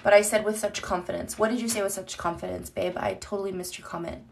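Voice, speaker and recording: A woman's voice: medium pitch, steady tone, fast, creaky. A woman chatting candidly on a live stream into her phone, rambling and swearing casually as she reads comments.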